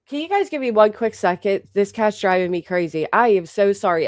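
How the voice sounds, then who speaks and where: A woman's voice: mid-range voice, animated, a little fast, hardly any pauses, no room sound. A woman hosting a livestream in a casual, rambling way, swearing freely and restarting her sentences again and again. Her throat is a little sore, and she reads out thanks to members of the chat. The sound is dry and close, with no room around her voice. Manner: rambling, profane, with many restarts. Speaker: livestream host.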